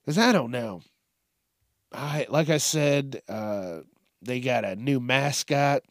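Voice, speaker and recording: A man's voice: mid-range voice, animated, takes it slowly, dry recording, clean studio sound. A young man ranting profanely and sarcastically while hosting a casual news commentary podcast. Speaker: podcast host.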